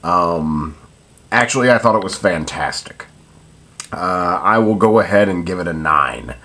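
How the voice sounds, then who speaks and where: A man's voice: deep voice, animated, unhurried, sharp tone. A young man giving a casual spoken film review, hesitant and full of ums and uhs.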